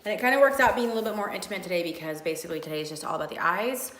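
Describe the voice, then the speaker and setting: A woman's voice: lowish voice, racing, a bit bright. Chatty woman vlogger in an echoey room. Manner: chatty and self-mocking, with fillers and giggles. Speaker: beauty vlogger. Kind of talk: casual makeup tutorial chat. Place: room at home under bright work lights.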